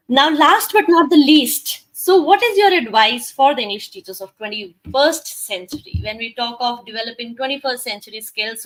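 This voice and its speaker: A woman's voice: on the high side, fairly bright tone, rough recording. A woman hosting a talk show, politely asking her guest questions, addressing her as ma'am and hesitating with fillers. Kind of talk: interview questions.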